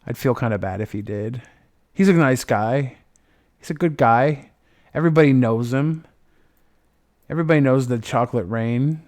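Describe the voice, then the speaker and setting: A man's voice: mid-range voice, normal speed, long pauses, darkish tone. Rambling, profane young streamer man. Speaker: livestream host. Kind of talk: casual livestream chat.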